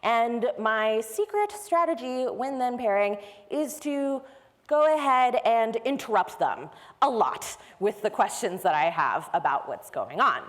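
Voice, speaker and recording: An animated woman with a voice on the high side delivers a technical conference presentation at a measured pace. She explains each step conversationally. The setting is a large conference hall, and the recording carries long reverb.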